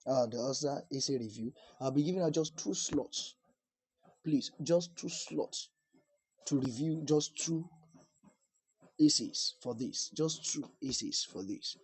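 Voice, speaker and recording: A man's voice: medium pitch, a little slow, darkish tone, breathy edge, no room sound, low-quality recording. A man coaching viewers through an application in an instructional talk to camera, talking emphatically, repeating key points and restarting phrases.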